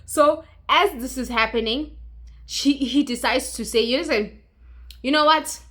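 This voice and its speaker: A woman's voice: high-pitched, a little slow, a bit bright. A woman recapping a movie in a chatty, mocking way, acting out characters as she goes. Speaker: YouTuber.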